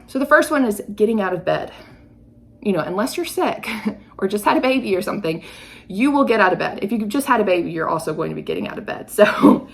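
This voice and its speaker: A woman's voice: medium pitch, creaky. A woman in her thirties talks through her ideas as a podcast host, in a mid-range voice. She explains with everyday examples and lifts her voice sharply on key points. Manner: chatty, explains with examples, lively emphasis. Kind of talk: casual podcast teaching.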